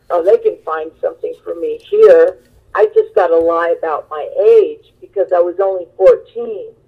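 A woman guitarist being interviewed, telling stories in a chatty, animated way with lots of fillers. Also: on the low side, husky. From Long Beach, California. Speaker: guest musician, guitarist. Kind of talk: interview storytelling. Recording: tinny phone line.

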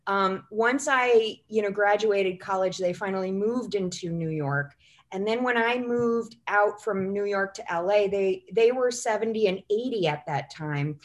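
A woman's voice: mid-range voice, measured pace. A woman, a writer and goals coach, talking as a podcast guest and telling long, chatty stories full of "you know" and "like". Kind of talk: casual interview chat.

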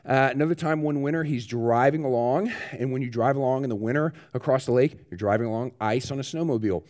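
A man's voice: mid-range voice, fast talker. Man telling stories in a sermon. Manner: animated storyteller, rising excitement, laughs. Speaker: pastor. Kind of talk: sermon storytelling.

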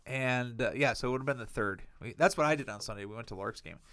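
A man's voice: mid-range voice, fast talker, a bit bright, no echo, clean studio sound. A young man co-hosting a podcast, rambling through profane stories in casual chat. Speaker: podcast co-host.

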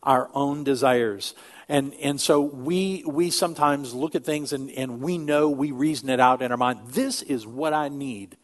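An older man, a pastor, preaching a sermon in an earnest, emphatic way that drops to quiet asides. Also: medium pitch, normal speed.

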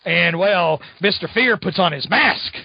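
A high-voiced man rambles happily through a comic book plot, scattering fillers as he goes. The sound is dry and slightly muffled, like a home podcast recording. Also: animated, unhurried, gravelly, breathy edge, dry recording. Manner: rambling, amused storytelling full of fillers. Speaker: podcast co-host. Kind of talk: casual comic book recap.

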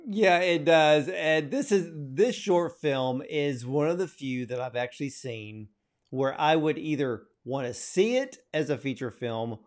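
A man's voice: fairly high pitch, animated, unhurried. A man hosting an interview, asking questions and praising the film with enthusiasm. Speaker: interview host.

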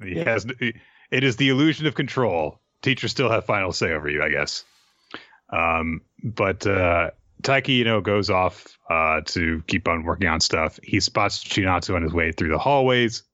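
Low-voiced man on a dull, dry mic. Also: expressive, moderate pace, sharp tone, no room sound. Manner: dry, summarizing plot, mocking voices in quotes. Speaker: podcast co-host. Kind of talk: casual chat reviewing manga.

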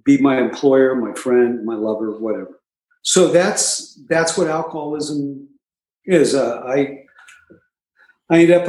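A man with a somewhat high voice tells his own story in a relaxed, conversational way. He has a dry, self-mocking humor and keeps adding little asides. The sound rings with the echo of a reverberant room. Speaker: guest sharing his recovery story. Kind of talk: casual storytelling. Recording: echoey room.

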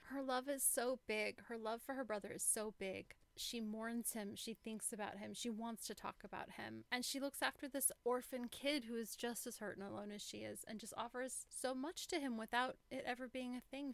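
A woman co-hosting a relaxed book chat, with a gravelly, creaky edge to her voice. She sounds earnest and reflective, and the recording is dry and close, with no room sound. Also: on the high side, no echo. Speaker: podcast co-host. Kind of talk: casual book discussion.

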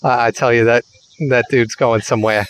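A man's voice: medium pitch, level tone, brisk, smooth, no room sound, poor audio. A man playing a tabletop game, laid-back and joking, with many fillers. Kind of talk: casual chat.

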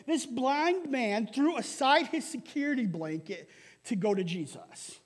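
High-voiced pastor preaching in a reverberant hall. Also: male voice, measured pace. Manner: lively, repeats "right?" and laughs often. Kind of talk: sermon. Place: church hall.

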